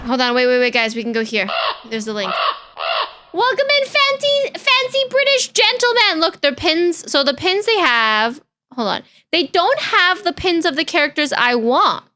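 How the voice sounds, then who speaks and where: Young woman, live-stream chatter, high-pitched, bright, giggly, scattered. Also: expressive, normal speed. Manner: bubbly, giggly, easily distracted.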